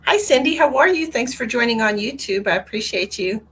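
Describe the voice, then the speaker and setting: Expressive and a little fast, a psychic medium chats casually on her live stream, with slight background noise behind her. She greets viewers by name using endearments, moving from bright exclamations to low asides.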